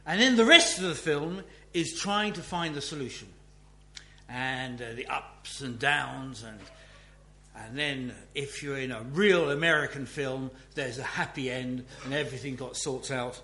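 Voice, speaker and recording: Slow, musing man preaching in an echoey hall. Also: medium pitch, bright, forceful tone. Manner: slow, musing delivery with many restarts. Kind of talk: Bible teaching talk. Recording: echoey room with faint hum.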